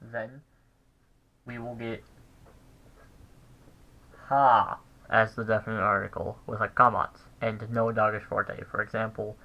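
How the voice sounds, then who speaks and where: A man giving a casual recorded language lesson, thinking aloud with pauses and restarts. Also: lowish voice, flat delivery, bright, forceful tone, highs cut off. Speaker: language teacher.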